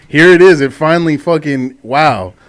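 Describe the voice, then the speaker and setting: A man's voice: fairly high pitch, normal speed. A young man co-hosting a casual beer-tasting chat, teasing his friends and swearing freely. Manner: joking, teasing, swears often. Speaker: podcast co-host.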